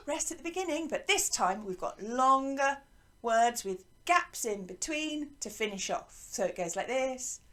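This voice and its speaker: Patient high-voiced woman music teacher. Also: a bit bright. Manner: patient, encouraging, explains step by step. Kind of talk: online singing lesson.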